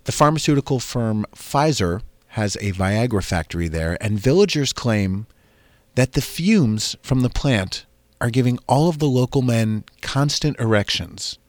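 A man hosting a comedy podcast, telling bawdy stories in a lively, animated way with frequent laughs. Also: medium pitch, unhurried, no echo. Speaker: podcast host. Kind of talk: casual comedic chat.

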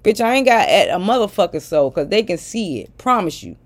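A woman's voice: mid-range voice, sing-song, a little fast. A middle-aged woman ranting bluntly and profanely at her followers in a casual vlog. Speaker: social media personality.

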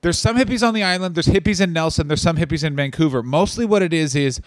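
A man's voice: on the high side, fast, no room sound. A man co-hosting a comedy podcast, riffing crude jokes in casual chat. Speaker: podcast co-host.

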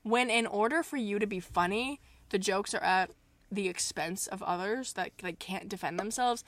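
A woman's voice: mid-range voice, moderate pace, fairly bright tone, no echo. A young woman co-hosting a casual podcast chat, laughing easily and humming while she thinks. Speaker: podcast co-host.

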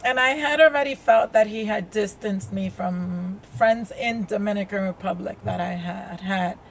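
A woman's voice: medium pitch, moderate pace, gravelly, a little hiss or hum. A woman guest telling her personal story in a podcast interview, earnest and openly emotional. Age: adult with a child. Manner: earnest, open, speaks with heartfelt emotion.

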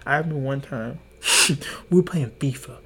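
Bright, forceful and husky, this mid-range male voice moves at normal speed. It belongs to a young podcast host in his twenties, whose casual monologue of profane, rambling stories is packed with restarts and acted-out quotes.

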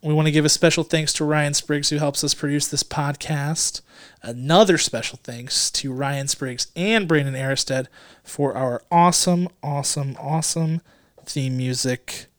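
A man co-hosting a podcast in casual chat, joking and rambling, sometimes dropping into quick low mutters. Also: steady tone, fairly bright tone, dry recording, studio quality. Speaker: podcast co-host.

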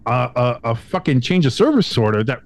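A young man on a casual podcast, swapping stories with his co-host. His voice sits at a middle pitch but leaps around wildly as he acts out both sides of a conversation, cursing freely. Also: brisk. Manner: animated storyteller, acts out quotes with big pitch jumps, swears. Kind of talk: casual chat.

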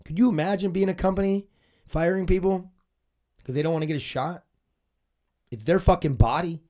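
A man's voice: sits high, a little fast, darkish tone. A man in his forties hosting a casual podcast, rambling and cursing, his voice stuffy and congested from a cold. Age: 40s. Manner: profane, rambling, ranting. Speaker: podcast host.

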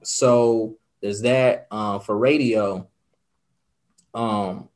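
A man's voice: lowish voice, fairly even intonation, drawn-out words, a little mellow. A young man talking earnestly as an interview guest, reflective and full of fillers. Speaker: guest, podcaster and radio host. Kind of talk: casual interview talk.

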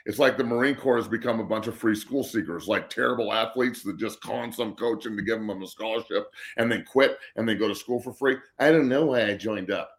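A middle-aged man with a lowish voice holds forth in heated sports talk. He is blunt and profane and rants on without letting up. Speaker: guest co-host.

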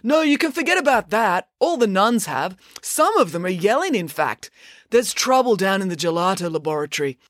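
A woman voicing an eager, excitable teenage boy who gushes breathlessly. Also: mid-range voice, moderate pace, no echo, clean studio sound, voice pushed up, close to an everyday voice. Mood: excited.

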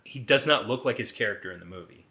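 A man's voice: fairly low pitch, lively intonation, fast talker, pushed and bright. A man co-hosting a podcast in a casual chat, laid-back, swearing freely and often laughing as he talks. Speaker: podcast co-host.

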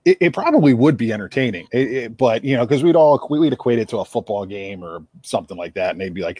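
A man's voice: medium pitch, expressive, fast talker, few pauses, dark tone, dry recording. A man with a South Jersey accent co-hosting a sports radio show, chatty and rambling, repeating words as he thinks. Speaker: podcast co-host. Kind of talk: casual sports radio chat.

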